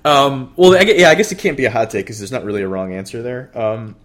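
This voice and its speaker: A man co-hosting a podcast, talking baseball in a relaxed, chatty way with plenty of fillers and restarts. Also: medium pitch, fast talker. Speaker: podcast co-host. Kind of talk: casual baseball chat.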